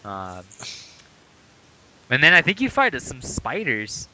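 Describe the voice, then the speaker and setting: A man's voice: mid-range voice, huge pitch swings, takes it slowly, sharp tone, a little hiss or hum, rough recording. A man co-hosting a podcast, chatting casually and walking through how a video game works. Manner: explanatory, walks through game mechanics. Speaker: podcast co-host.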